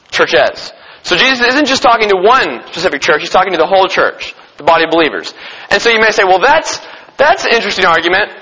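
A man with a high, bright voice teaching scripture to a group. His voice is slightly husky and rings with a long hall reverb. He poses questions to the room and answers them, and he slows down to read verses. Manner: reads scripture slowly and deliberately. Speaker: preacher teaching a Bible study. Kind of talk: Bible teaching.

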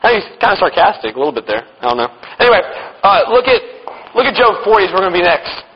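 A high-voiced man gives a church-conference Bible lesson full of jokes and sarcastic asides, chuckling as he goes. The sound is dull and lo-fi, with a long hall reverb and faint background noise. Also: big pitch swings, fast talker. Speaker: speaker teaching at a church conference. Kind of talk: humorous Bible teaching talk.

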